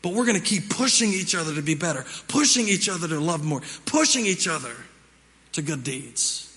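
A man's voice: on the high side, animated, brisk, bright, forceful tone. A male pastor preaching a sermon in a conversational way, repeating phrases for emphasis. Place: church hall. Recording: reverberant hall with music behind.

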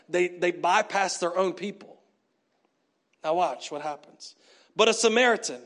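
A man preaching a sermon as pastor, telling the story in an animated way and acting out the characters. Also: high-pitched, moderate pace.

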